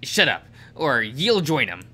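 A man voicing a gruff, annoyed young man in a game, with a curt, sarcastic way of talking. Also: medium pitch, very animated, normal speed, bright, forceful tone, a little hiss or hum.

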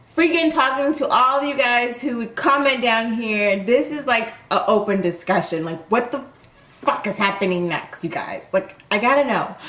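A woman hosting an anime reaction video, swearing, gasping and shouting at the screen. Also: sits high, echoey room. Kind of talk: excited reaction commentary.

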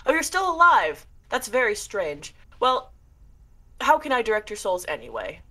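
A woman's voice: on the high side, wildly swooping pitch, normal speed, bright, forceful tone, voice pushed up, full character voice. A woman voicing a huge, top-hatted male shade who is grandly polite and sinister. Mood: courteous. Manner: overly polite, grandly formal.

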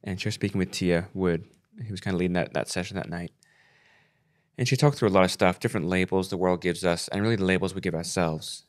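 Man, forties, very low voice, halting, holding back tears, podcast co-host. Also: steady tone. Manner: halting, holds back tears, repeats words. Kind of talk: emotional podcast conversation.

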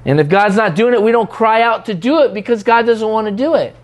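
A man's voice: sits high, animated, a little fast. A man preaching a sermon in a conversational way, teasing and mimicking what others say in prayer.

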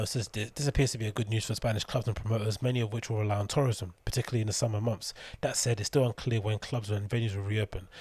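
A man's voice: lowish voice, a little mellow, husky, no echo. A young man hosting his own show, rambling casually with sarcastic, swearing asides while reading news aloud. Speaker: podcast host. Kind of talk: casual solo rambling commentary.

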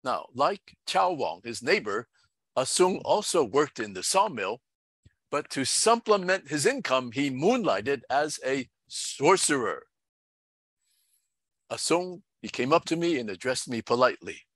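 Earnest pastor telling a story. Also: male voice, mid-range voice, very animated, fairly bright tone, no echo. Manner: measured, earnest storytelling with quoted dialogue. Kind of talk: storytelling sermon.

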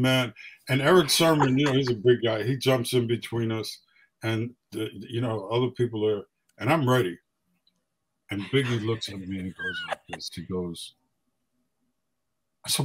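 An older man, a photographer guest, telling stories in a casual, animated way and acting out quotes. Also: on the low side, normal speed, pauses often, breathy edge, poor audio. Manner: animated storyteller, acts out quotes. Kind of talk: casual storytelling.

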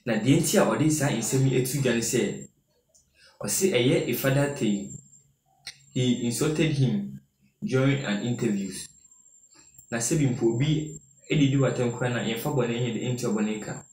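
A man's voice: medium pitch, moderate pace, long pauses, darkish tone, far from the mic, a little hiss or hum. A man with a Ghanaian accent presenting news commentary, reading out quoted statements and then explaining them. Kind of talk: news commentary mixing Twi and English. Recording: roomy echo from off-mic, faint ambience.

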